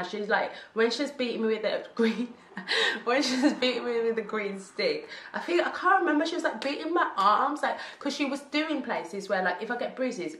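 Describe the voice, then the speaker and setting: A young woman, telling a storytime vlog tale in animated, slangy talk with laughs. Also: a little high, slight background noise. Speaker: vlogger. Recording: roomy echo.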